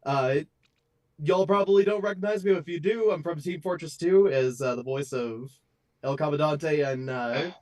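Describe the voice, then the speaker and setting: A man's voice: a little high, normal speed, darkish tone. A man, a freelance voice actor, chatting casually and upbeat from a blanket-lined home booth. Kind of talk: casual chat.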